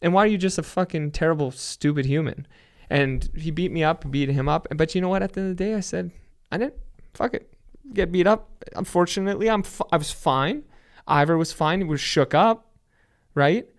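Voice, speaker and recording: A young man telling stories as a podcast guest, animated and full of swearing. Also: a little high, a little fast. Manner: profane, animated storytelling. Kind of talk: casual chat.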